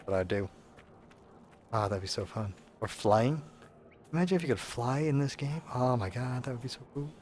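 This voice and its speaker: A man's voice: medium pitch, normal speed, a little mellow. A man giving casual, sarcastic, rambling commentary while playing a video game. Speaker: let's play host.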